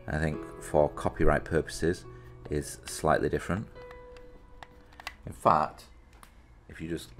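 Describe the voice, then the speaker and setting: A British reviewer with an unusually deep, low-pitched voice unboxes a gadget in a loose, chatty product demonstration. He thinks aloud and pokes fun at himself, and quiet music plays faintly underneath.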